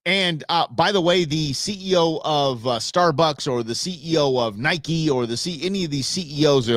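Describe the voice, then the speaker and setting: A man hosting his own show, giving blunt, animated opinion commentary from Arizona. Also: on the high side, moderate pace, few pauses, no echo, clean studio sound. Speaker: show host.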